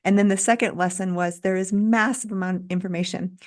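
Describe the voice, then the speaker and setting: A woman's voice: mid-range voice, steady tone, a little fast, darkish tone. A middle-aged woman, a doctor being interviewed, talking earnestly and encouragingly as she lays out lessons step by step. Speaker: guest doctor. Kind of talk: interview conversation.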